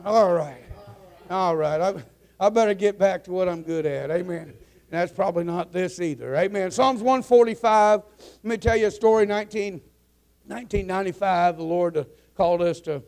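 Folksy preacher, male, high and gravelly, loose rambling delivery to his congregation. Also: a little mellow. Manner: folksy, rambling storyteller with restarts. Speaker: pastor. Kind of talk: joke-telling before a sermon. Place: church sanctuary.

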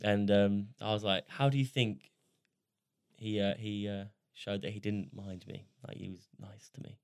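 A man's voice: on the low side, little pitch movement, moderate pace, creaky, darkish tone, smooth, no room sound. A young British man co-hosting a casual podcast, telling an awkward story and laughing as he acts out the quotes. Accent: British English. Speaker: podcast co-host.

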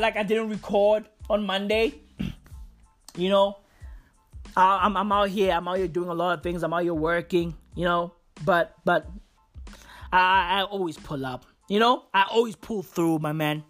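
A man's voice: sits high, a bit bright. Profane, slangy man ranting solo. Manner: profane, slangy, repeats himself, heavy fillers. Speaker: podcast host. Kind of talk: casual solo rant.

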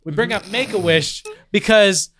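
A man's voice: high voice, moderate pace. A man co-hosting a podcast in casual chat, laughing often as he tells stories. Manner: laughs often, animated storytelling. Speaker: podcast co-host.

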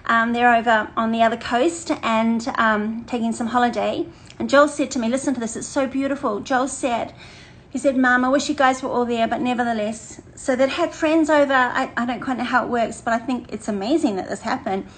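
A woman's voice: on the high side, fairly quick, rough recording. Chatty older woman pastor. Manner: chatty, animated, laughs often, repeats phrases. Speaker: women's ministry leader. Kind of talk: casual livestream chat to a women's group.

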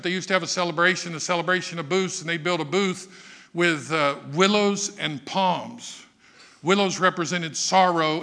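A male pastor preaching a Sunday sermon with dramatic swings from quiet, low talk to shouting, acting out the people he quotes.

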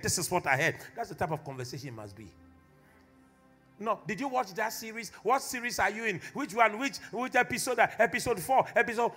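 A man with a high-pitched voice preaches fervently to his congregation as their pastor. His sermon swings between hushed reflection and loud, shouted calls to the faithful, with soft music faintly underneath. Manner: impassioned preacher who builds to shouted exhortation. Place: church.

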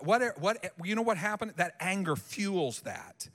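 Animated high-voiced male pastor preaching. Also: a little slow, big-room sound. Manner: animated and emphatic, acting out people's lines. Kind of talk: sermon. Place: church sanctuary.

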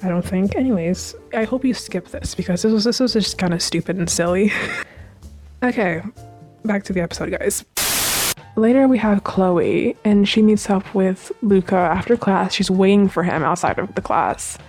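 A young woman hosts a home-mic podcast recapping a TV series, chatting loosely with frequent fillers and gushing digressions. Her medium-pitched, slightly mellow voice moves at a moderate pace over soft background music.

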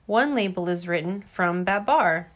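A woman's voice: lowish voice, expressive, moderate pace, natural voice. A woman voicing a nightingale bird that brings news breathlessly and eagerly. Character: cheerful chattering nightingale bird.

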